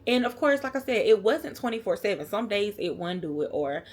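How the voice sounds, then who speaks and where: A woman's voice: medium pitch, sing-song, fairly quick, darkish tone. A young woman, vlogging casually to camera about a hard experience, holding back tears with nervous laughs.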